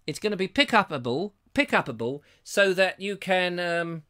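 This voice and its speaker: A man hosting a live online show reads out viewer comments, playing them up in a theatrical, mock-excited, teasing way. His voice sits high and he keeps a moderate pace.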